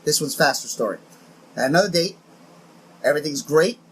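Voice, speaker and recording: A man co-hosting a podcast, telling a dating story in a casual, animated way and acting out the quotes with laughter. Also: on the high side, brisk, slight background noise, low-quality recording. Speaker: podcast co-host.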